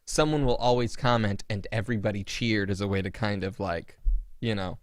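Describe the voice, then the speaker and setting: A man hosting a podcast, telling everyday stories in a casual, grumbling, animated way. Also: brisk, dry recording, clean studio sound. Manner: animated, swooping pitch, grumbling rants. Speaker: podcast host. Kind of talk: casual storytelling chat.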